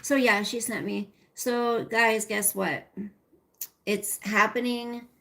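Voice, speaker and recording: A woman's voice: fairly high pitch, fairly even intonation, slow pace, creaky, sharp tone. A middle-aged woman hosting a casual livestream, rambling and chatty as she talks to viewers by name and reads their comments. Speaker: livestream host.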